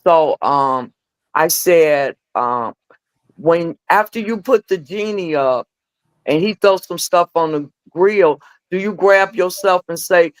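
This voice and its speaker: A middle-aged woman telling candid personal stories as a podcast guest. She acts out the dialogue in her stories with lively voices. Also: fairly low pitch, slow, dry recording. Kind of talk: candid storytelling chat.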